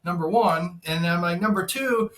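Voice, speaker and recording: A man with a high voice tells a wild story as a guest on a podcast, where he works as an insurance broker. He speaks at a moderate pace, swears a lot, and acts out what people said in an animated way. The sound is reverberant.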